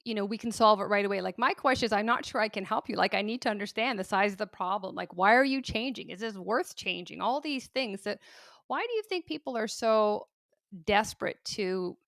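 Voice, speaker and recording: A woman's voice: medium pitch, animated, fairly quick, creaky, fairly bright tone, dry recording, studio quality. A woman hosting a podcast interview who asks long, rambling questions and searches for her words as she goes. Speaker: podcast host.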